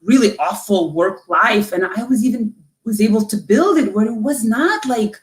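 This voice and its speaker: A woman from Lithuania, a coach, telling a personal story in an interview with an emotional, halting delivery full of restarts. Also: a little high, expressive, reverberant. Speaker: guest, coach.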